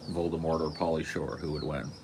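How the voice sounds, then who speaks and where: A man's voice: extremely low pitch, flat delivery, a little fast, background noise. A man co-hosting a podcast, chatting casually in loose, joking, slangy banter. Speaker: podcast co-host. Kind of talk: casual chat.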